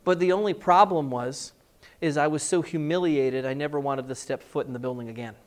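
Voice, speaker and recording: Animated preacher telling a story. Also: male voice, on the high side, a little fast. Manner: animated storytelling, acting out scenes in different voices. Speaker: pastor. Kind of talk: sermon.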